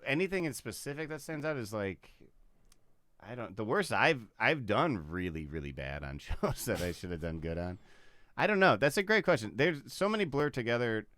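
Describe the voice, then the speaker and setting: A man's voice: mid-range voice, very animated, normal speed, a bit bright, no echo. A man, a comedian guest, telling a story casually on a podcast, swearing freely, laughing often and acting out other people's lines. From Chicago area.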